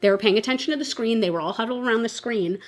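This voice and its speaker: A woman's voice: a little high, rapid-fire. A woman in her twenties, chatting casually and telling a story while doing her makeup, with lots of "like" and frequent laughs. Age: 20s. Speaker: beauty vlogger.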